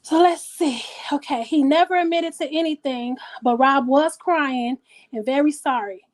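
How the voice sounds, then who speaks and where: A woman hosting a casual talk show, blunt and profane, animated and thinking out loud. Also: high-pitched. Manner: animated, blunt and profane, pausing to reason aloud. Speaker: host.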